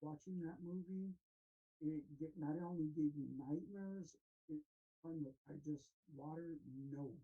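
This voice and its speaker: A man co-hosting a casual show, telling a halting, rambling story full of ums. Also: a little high, fairly even intonation, highs cut off. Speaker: podcast co-host.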